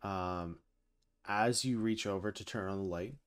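A man narrating a tabletop horror game as game master, in a slow, measured way. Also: lowish voice, clear, resonant tone.

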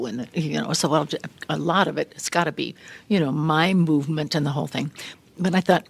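An older woman tells a story in a lively, animated way and acts out the lines of the people in it. Her voice sounds a little harried, and the dry recording has almost no room echo. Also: low voice, fairly quick, gravelly, breathy edge. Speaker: guest actress. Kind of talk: casual storytelling interview. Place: large room used as a podcast studio.

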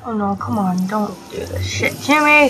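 A woman's voice: medium pitch, expressive, normal speed, over music, poor audio. A young woman hosting a gaming channel, giving live gameplay commentary, often frustrated, swearing, and laughing at herself.

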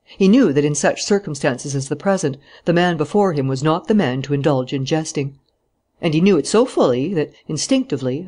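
Measured narrator reading a classic novel. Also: mid-range voice, a little mellow. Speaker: audiobook narrator. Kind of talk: scripted narration.

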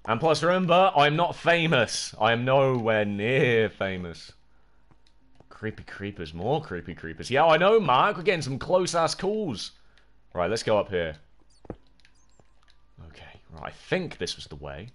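Young guy streaming games, jokey and excitable, voice jumps all over, slow easy pace. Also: medium pitch, slight background noise. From United Kingdom. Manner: excitable, jokey, talks to chat, yelps when startled. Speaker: gaming livestreamer. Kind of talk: casual live gameplay commentary.

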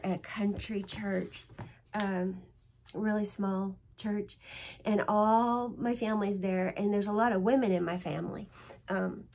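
A woman with a mid-range, darkish, slightly rough voice hosts a stitching vlog from home. Showing her projects, she chats casually in a rambling, emotional, show-and-tell style.

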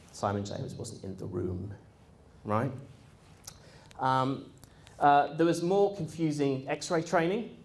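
Brief: man, mid-range voice, animated first-person anecdote for a room, laughs often, loose and chatty. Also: mid-range voice, slow. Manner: animated, breaks into laughter, mimics people he quotes; frequent ums and uhs, conversational. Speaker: speaker recounting his experience. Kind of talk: anecdotal storytelling to a live audience.

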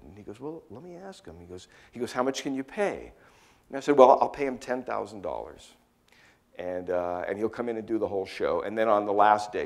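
Chatty middle-aged man telling stories. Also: lowish voice. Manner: chatty, lively storyteller with frequent fillers. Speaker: speaker giving a talk. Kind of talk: anecdotal storytelling talk.

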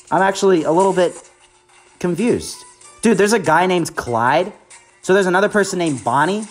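A woman giving excitable, hyped gameplay commentary as a gaming YouTuber, talking straight to her viewers. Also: deep voice.

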